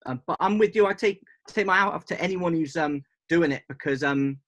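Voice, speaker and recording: A man in his fifties from Bristol, an interview guest who talks in an easygoing, thoughtful way with many pauses and "um"s. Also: a little high, fairly bright tone. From Bristol, England. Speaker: interview guest, hip hop artist. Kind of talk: casual interview chat.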